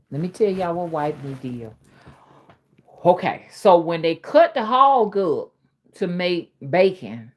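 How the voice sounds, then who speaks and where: A woman's voice: deep voice, a little mellow. A woman from Alabama with an old-fashioned Southern accent, chatting casually on a livestream and reading viewers' comments in a folksy way. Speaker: livestream host.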